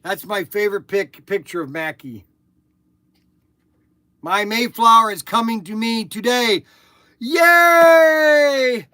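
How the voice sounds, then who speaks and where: An older man hosting a live toy shop show, pitching products with pushy salesman hype and repeating himself as he talks. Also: a little slow, pauses often, pushed and bright, dry recording.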